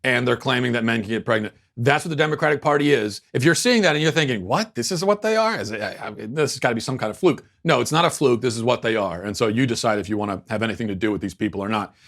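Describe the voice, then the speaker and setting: Guy hosting a political show, sarcastic and mocking, stops and restarts a lot, average-pitched voice. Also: fast talker, gravelly, hardly any pauses, fairly bright tone. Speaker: political commentary show host. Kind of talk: casual commentary.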